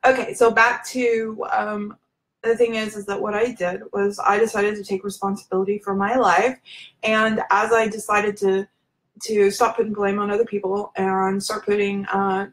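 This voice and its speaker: A woman's voice: mid-range voice, low-quality recording. Candid woman confiding to her viewers. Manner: candid, confessional, addresses viewers directly; informal, many fillers and restarts. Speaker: spiritual self-help speaker. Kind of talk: live-streamed talk to viewers.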